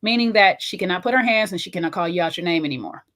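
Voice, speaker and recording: A woman hosting a casual reality-show recap, ranting and animated, with slang-filled conversational talk. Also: on the low side, fast. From not Jamaican, Belizean family ties.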